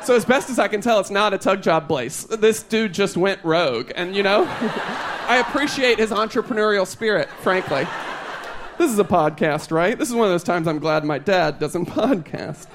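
High-voiced man doing stand-up. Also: lively intonation, normal speed, background noise. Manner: chatty, rambling, laughs at his own jokes. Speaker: stand-up comedian. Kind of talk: stand-up comedy set. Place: live comedy show stage.

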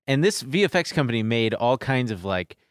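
A man co-hosting a comedy podcast, chatting casually. His voice sits mid-range, and he tells stories in lively, quick bursts. The close mic sounds dry and dead. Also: mid-range voice, smooth, dry recording. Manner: animated storyteller, quick bursts. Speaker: podcast co-host.

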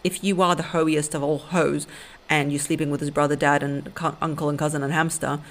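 A woman's voice: low-pitched, flat delivery, brisk. A young woman hosting a podcast, giving blunt, sassy relationship advice and calling listeners honey and baby. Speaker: podcast host. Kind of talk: casual advice monologue.

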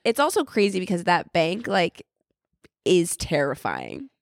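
Animated woman with a gravelly edge. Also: lowish voice, no echo, clean studio sound. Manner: animated, teasing, quick to laugh. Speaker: podcast co-host. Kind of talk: casual chat.

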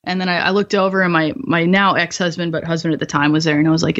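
A woman's voice: sits low, flat delivery, quick pace. A woman in her twenties, a guest on a podcast, telling her story in a candid, profane, self-mocking way and laughing often. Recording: slightly dull podcast audio.

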